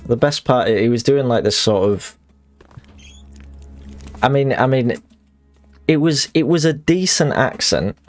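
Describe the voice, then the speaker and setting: A man's voice: medium pitch, lively intonation, measured pace, long pauses, soft background music. A man streaming a video game, chatting casually and reading in-game letters aloud, rambling and self-deprecating with frequent restarts.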